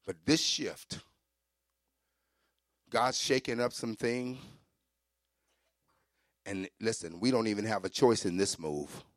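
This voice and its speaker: A man's voice: fairly low pitch, slow pace, pauses often, dry recording, clean studio sound. A middle-aged man preaching a sermon, telling his own testimony with fervor and talking straight to the congregation. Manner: fervent, builds to shouting; conversational asides to congregation.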